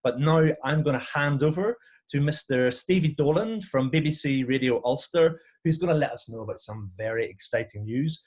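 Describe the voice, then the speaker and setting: A male workshop facilitator who guides a group conversation warmly and reads out what people suggest. His voice sits at mid pitch. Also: lively intonation, moderate pace.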